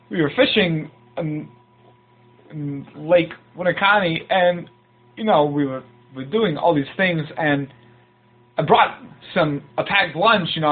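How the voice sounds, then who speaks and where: A man telling a rambling, deadpan comic story. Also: on the high side. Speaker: comedy podcast guest doing bits. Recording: tinny phone-like sound.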